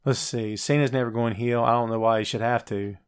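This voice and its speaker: A man's voice: steady tone, clear, resonant tone. Chatty male wrestling show host. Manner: chatty, jokey, addresses live viewers directly; puts on quick high voices when quoting wrestlers. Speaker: podcast host. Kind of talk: casual wrestling talk show.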